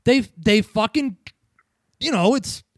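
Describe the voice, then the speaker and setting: A man's voice: extremely high pitch, lively intonation, slow pace, no room sound, clean studio sound. A man from New England ranting profanely as a podcast host in a casual wrestling review chat.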